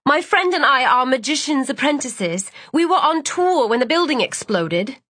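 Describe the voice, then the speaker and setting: A woman's voice: high-pitched, sing-song, normal speed, fairly bright tone, no room sound, pitched above the performer's own voice, heavily acted. An earnest young apprentice magician girl, voiced by a woman narrator. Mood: urgent, pleading. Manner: polite and urgent.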